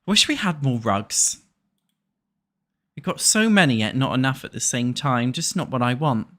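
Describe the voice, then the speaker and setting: A man's voice: mid-range voice, animated, normal speed, a bit bright. A British man chatting and joking casually while streaming a life-sim game live, with a posh manner.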